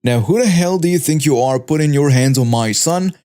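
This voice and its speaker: A man's voice: fairly high pitch, brisk, mellow, clear, resonant tone, close to an everyday voice. A man voicing a furious, protective mother confronting a stranger in a story reading. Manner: angry, confrontational.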